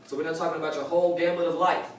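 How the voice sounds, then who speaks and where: A man delivers a live motivational talk to a room, preachy and fond of saying his points twice. His somewhat high voice comes from away from the mic and rings through a very echoey hall. Faint room noise sits under it. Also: flat delivery, very fast, distant mic. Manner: preachy, repeats key lines for emphasis. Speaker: motivational speaker at a sales meeting.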